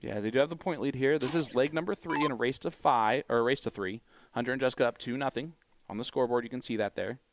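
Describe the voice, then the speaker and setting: A man's voice: medium pitch, fast. A man commentating live darts, chatty and explanatory as he runs through the figures.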